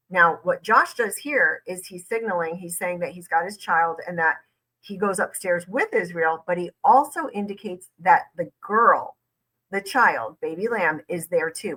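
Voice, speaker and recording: A woman's voice: fairly low pitch, bright, forceful tone, rough recording. A woman lawyer hosting a reaction video, breaking down an interview point by point. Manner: analytical, emphatic. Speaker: lawyer, host.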